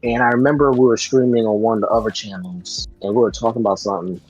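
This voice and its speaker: A man co-hosting a casual livestream chat, recounting anecdotes in a relaxed way. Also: fairly low pitch, fast talker, slightly rough, dull audio, faint music behind.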